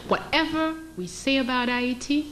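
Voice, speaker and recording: A woman's voice: high-pitched, moderate pace, fairly bright tone, slight background noise, poor audio. A woman giving an impassioned public lecture, emphatic, acting out scenes and asking rhetorical questions. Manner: emphatic, role-plays scenarios, rhetorical questions.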